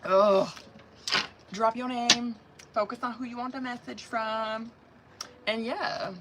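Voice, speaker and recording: A woman with a sore throat gives tarot readings on a live stream. She speaks softly in loose, profane slang and laughs often. Steady background noise runs under her voice. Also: on the high side, slow pace. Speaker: tarot reader. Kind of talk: casual live-stream chat.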